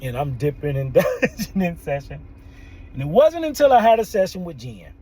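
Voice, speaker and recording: A man, a therapist and podcast host, telling a story in an animated way, often laughing and quoting people. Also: on the high side, moderate pace, husky, poor audio. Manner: animated, laughs often, quotes people in their own voices. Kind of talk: storytelling monologue.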